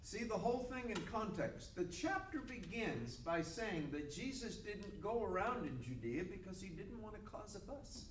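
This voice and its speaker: A man's voice: high-pitched, sing-song, normal speed, few pauses. An older man teaching a Bible study to a group in a folksy, joking way. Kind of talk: conversational Bible lesson. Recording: roomy room mic from far off, faint noise.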